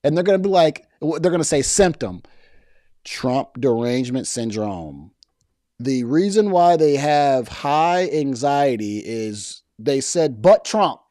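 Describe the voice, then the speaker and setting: In a dry, clean studio recording, a man with a mid-range, animated, mellow voice speaks slowly while hosting a casual political commentary stream. He reads viewer comments and talks loosely with slang, often restarting and repeating words.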